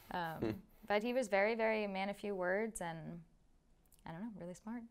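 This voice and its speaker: A young woman guest in a casual interview, chatty and animated, laughing often as she tells stories. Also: medium pitch, moderate pace, a little hiss or hum.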